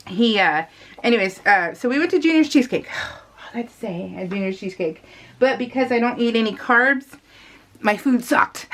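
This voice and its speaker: A middle-aged woman chatting casually in a rambling, animated way, laughing often and using lots of fillers. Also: medium pitch. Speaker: scrapbooking vlogger.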